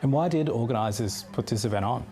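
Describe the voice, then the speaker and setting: A man with an Australian accent presenting the news in a measured, formal studio read. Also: medium pitch, mellow, slight background noise.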